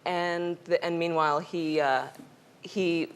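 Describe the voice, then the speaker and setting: A young actress from New York City, a guest on a talk show, telling stories with lots of giggles, fillers and restarts. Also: female voice, on the low side, fairly even intonation, slow pace, smooth. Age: young adult. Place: television studio.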